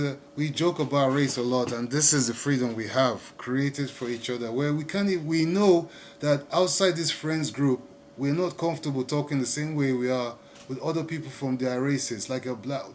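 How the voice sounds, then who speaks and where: A man speaking in a rambling monologue to his viewers. He often repeats himself and slows down to stress his points. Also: mid-range voice, a little mellow, slight background noise. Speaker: vlogger. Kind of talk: casual monologue to camera.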